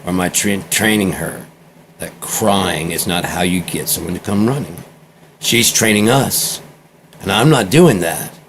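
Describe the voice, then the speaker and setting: A man's voice: sits low, a little slow, a bit bright, slight background noise. A man vlogging a rambling, candid personal monologue, repeating himself as he meanders. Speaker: vlogger keeping a spoken journal.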